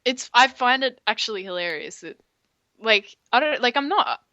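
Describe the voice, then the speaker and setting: A woman's voice: a little high, animated, moderate pace, bright, forceful tone, dry recording, lo-fi sound. A young woman co-hosting a podcast, teasing and laughing as she retells a story. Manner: teasing, laughing, acts out past exchanges. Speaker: podcast co-host. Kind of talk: casual chat.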